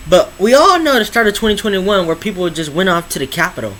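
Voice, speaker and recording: A man's voice: high-pitched, sing-song, pushed and bright, slight background noise, rough recording. A teenage boy vlogging casually, rambling and repeating himself with slang. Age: teens. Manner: rambling, slangy, repeats words, drawls some phrases slowly. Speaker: YouTuber. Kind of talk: casual vlog monologue.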